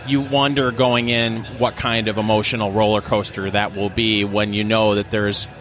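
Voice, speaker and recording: Halting, thoughtful middle-aged man. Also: on the low side, level tone, a bit bright, faint music behind. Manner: thoughtful, halting, self-deprecating. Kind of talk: casual chat.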